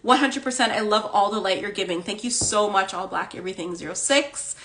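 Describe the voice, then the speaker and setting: A woman's voice: mid-range voice, a little fast, a bit bright. A woman hosting a casual spiritual livestream, chatty and full of "like" and "okay?", talking into a phone. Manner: chatty, fills speech with "like" and "okay?". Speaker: host.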